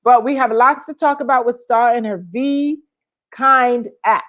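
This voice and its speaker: A woman co-hosting a casual livestream chat, lively and chatty, calling out viewers by name. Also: on the high side, measured pace. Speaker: co-host.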